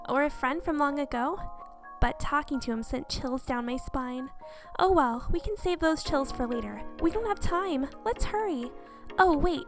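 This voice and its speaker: A high-pitched woman reading a game aloud, voicing the lines and reacting expressively. Game music plays clearly underneath her. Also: normal speed. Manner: expressive, reacting with gasps and exclamations. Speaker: gameplay video host.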